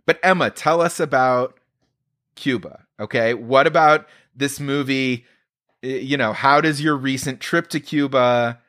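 A man hosting a podcast, talking in a halting way as he searches for his words. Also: mid-range voice, fairly bright tone. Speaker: podcast host. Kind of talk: casual chat.

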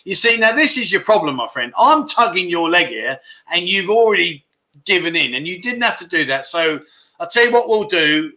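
A man's voice: high-pitched, very animated, normal speed, bright, forceful tone. A middle-aged man, hosting a casual livestream, chatting with viewers and calling them mate. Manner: chummy banter, calls viewers "mate" and "my friend". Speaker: livestream host. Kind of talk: casual livestream chat, reading viewer comments. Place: home.

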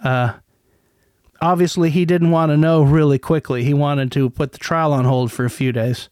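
A man's voice: on the high side, fairly even intonation, normal speed, a little mellow, clean tone, no echo, studio quality. A middle-aged man with a grown daughter, hosting an online show in a rambling, profane monologue with many restarts. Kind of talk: casual commentary monologue.

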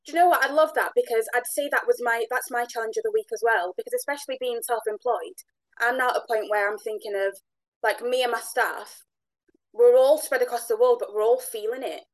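Woman, podcast host, casual chat, encouraging interviewer, fairly high voice. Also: fairly quick, low-quality recording. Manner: warm interviewer, frequent brief agreement.

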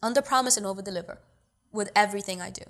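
A woman's voice: medium pitch, rapid-fire, fairly bright tone. A young woman, talking bluntly and emphatically as an interview guest. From New York City. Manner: blunt, emphatic and streetwise, with repeated "you feel me". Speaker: guest, actor and producer. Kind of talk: casual interview talk.

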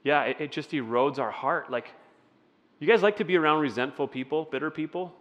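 A man's voice: fairly high pitch, brisk, a bit bright, big-room sound, highs cut off. A man preaching a conversational sermon as a pastor, asking his listeners questions. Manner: conversational, asks the audience questions. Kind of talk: interactive sermon.

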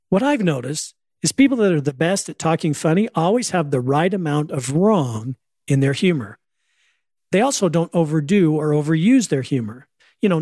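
Older man, wry storyteller, a bit high-pitched, dry close sound. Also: darkish tone, no room sound. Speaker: speaker on humor. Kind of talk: storytelling talk with jokes.

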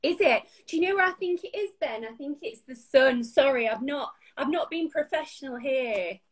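Woman, Yorkshire accent, actor and presenter, high voice, bubbly, laughs a lot, video call. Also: expressive, moderate pace. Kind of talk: casual video-call interview. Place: bright sunny room at home.

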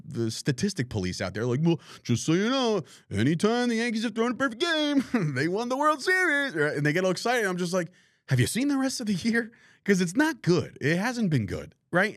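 Animated exasperated man ranting about sports. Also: mid-range voice, dry recording, clean studio sound. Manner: animated, exasperated, swears freely. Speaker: podcast host. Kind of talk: casual live-stream sports rant.

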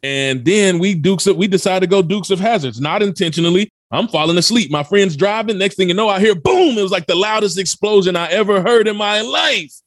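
A man's voice: high-pitched, a little fast, few pauses, a bit bright, no room sound, studio quality. A man from Memphis, telling a story as a podcast guest with urgent, emphatic energy. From Memphis, USA. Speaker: podcast guest, motivational speaker. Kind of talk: dramatic personal storytelling.

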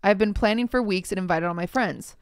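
Young woman reading posts, clear and smooth. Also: medium pitch, no room sound, clean studio sound. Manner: reads posts aloud in a measured, wry tone. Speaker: podcast host. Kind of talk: casual chat, reading posts aloud.

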